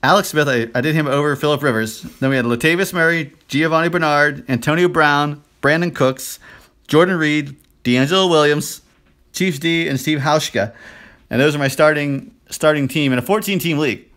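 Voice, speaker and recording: This co-host's voice is on the high side and his pace moderate. In casual podcast chat he tells meandering stories, acting out quoted lines from himself and others in animated bursts.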